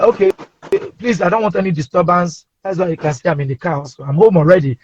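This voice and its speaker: Nigerian comedian guest, high husky tenor, animated storyteller, muffled call audio. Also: male voice. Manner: animated, playful, acts out voices. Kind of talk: casual anecdotal storytelling. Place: inside a parked car. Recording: dull lo-fi remote audio.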